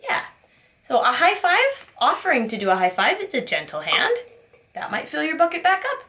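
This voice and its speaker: A woman teaching a preschool circle time, asking gentle questions in a sing-song teacher voice. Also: high-pitched, huge pitch swings, normal speed. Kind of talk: circle time lesson for young children.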